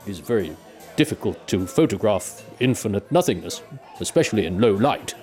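A man playing a formal male demon of infinite darkness, made of snakes, who talks in a stiff, deadpan way. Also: lowish voice, moderate pace, soft background music, natural voice.

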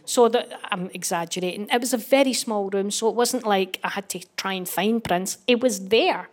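Delivering stand-up comedy, this middle-aged Scottish woman speaks at medium pitch and normal speed with few pauses. She's animated as she tells her story, imitating the people in it and laughing through each punchline.

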